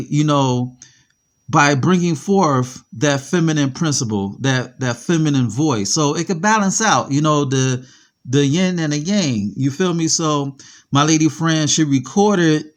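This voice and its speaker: Streetwise man hosting a podcast. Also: on the high side. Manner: streetwise, repeats "you feel me". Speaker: podcast host. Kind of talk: casual podcast monologue. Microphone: voice message pieced into a podcast.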